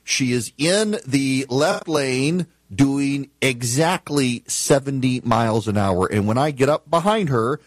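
A man ranting through a talk show monologue, his pitch swinging widely as he tells an exasperated story. The sound is dry and close, with no room echo.

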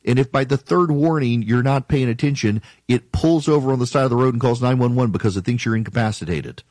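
A man's voice: medium pitch, fast talker, a little mellow, no echo. A man hosting a talk radio show, delivering an opinionated monologue in an emphatic, argumentative way and mocking his critics.

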